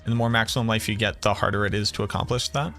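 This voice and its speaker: A man's voice: on the low side, fairly even intonation, racing, pushed and bright, soft background music. A man from the Boston area streaming a game, thinking aloud and chatting with viewers as he plays. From Boston area, USA. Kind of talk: live-stream gameplay commentary.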